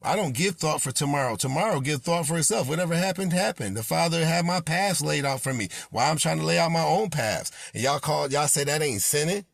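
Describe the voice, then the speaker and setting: A man's voice: on the high side, animated, fairly quick, creaky, few pauses, no echo, studio quality. A man preaching an impassioned sermon as a self-styled prophet, scolding and confronting his listeners with repeated rebukes.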